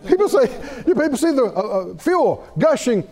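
Lively high-voiced male preacher. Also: normal speed. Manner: animated storytelling, laughing, quoting people; lively, wide-ranging pitch. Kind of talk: sermon.

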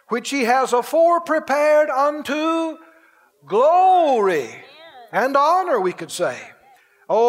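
Male preacher, very high voice, swooping and animated delivery, exuberant, given to laughing shouts. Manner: drawn-out, emphatic phrasing. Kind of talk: sermon.

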